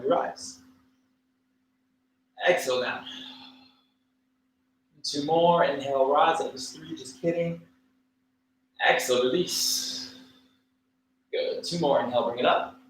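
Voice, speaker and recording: A man teaching a livestreamed yoga class, cueing poses and breaths in a relaxed, casual way with fillers and small jokes. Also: fairly high pitch. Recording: echoey room with faint ambient noise.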